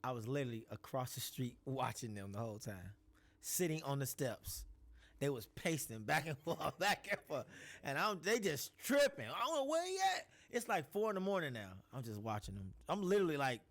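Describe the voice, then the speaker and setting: Laid-back slangy man, lively pitch. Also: a little fast. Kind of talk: casual chat.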